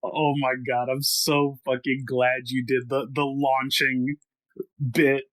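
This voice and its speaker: A man's voice: mid-range voice, little pitch movement, takes it slowly, a bit bright, dry recording. A man playing a tabletop game, chatting with eager, swearing enthusiasm. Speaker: player.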